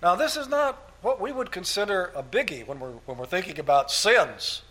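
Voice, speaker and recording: Male pastor, emphatic sermon delivery in a somewhat high voice, hammers points by repetition. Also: expressive, normal speed, pushed and bright. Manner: emphatic, repeats key phrases, structured numbered points.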